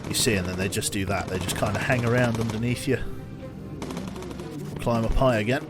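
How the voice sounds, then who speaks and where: A man's voice: on the low side, a little fast, loud music behind the voice. Chatty male game streamer. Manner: chatty, thinks aloud, talks to chat. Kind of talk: casual live-stream commentary.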